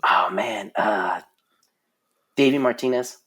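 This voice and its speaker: A man's voice: fairly low pitch, slow pace, a bit bright, husky. A man in his forties, a guest on a podcast, telling stories in a frank, rambling way with lots of fillers and restarts. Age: 40s. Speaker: guest, concert production manager. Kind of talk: casual storytelling in a podcast interview.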